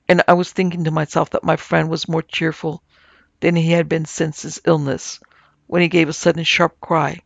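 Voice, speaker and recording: A man narrating a ghost story for an audiobook in a measured, even-toned way. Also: on the high side, gravelly, dry recording, highs cut off. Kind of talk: scripted narration.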